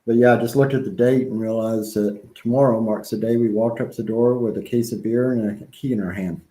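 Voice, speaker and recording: A man with a slight Southern accent co-hosting a casual live-streamed chat, rambling and halting with many ums and restarts. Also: on the low side, fairly even intonation, dark tone, roomy sound, poor audio.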